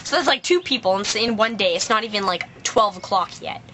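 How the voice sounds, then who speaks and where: A teenage girl vlogging outdoors, chatting to camera in a loose, rambling way. Her voice sits at a middle pitch, and she strings her story together with lots of "like." Faint background noise sits under her voice. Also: animated, a little fast. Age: teens. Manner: chatty and rambling, full of "like" and "I was like". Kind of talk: casual storytelling rant.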